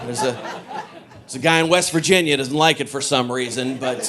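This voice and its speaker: A man performing a stand-up comedy set with a punchy, animated delivery, often slipping into character voices. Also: on the high side, a little fast, long pauses. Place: comedy stage before a laughing audience.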